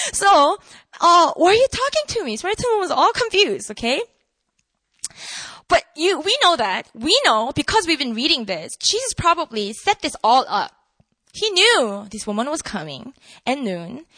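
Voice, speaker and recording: A woman preaching a casual, conversational sermon, animated and full of asides to the congregation. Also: sits high, no room sound.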